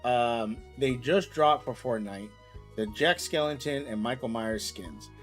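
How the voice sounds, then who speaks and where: A man in his thirties, host of a casual chat show, talking loosely and getting loud and worked up when he rants. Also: medium pitch, unhurried, faint music behind. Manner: animated, gets loud and excited when ranting. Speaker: podcast host.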